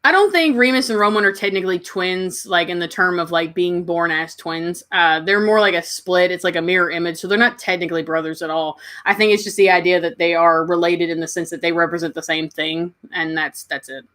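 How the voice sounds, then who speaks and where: A woman with a Kentucky Southern accent chats casually on a livestream, warmly answering comments from her chat and cooing at her pets. Her voice sits on the low side, and she talks fairly quickly with few pauses.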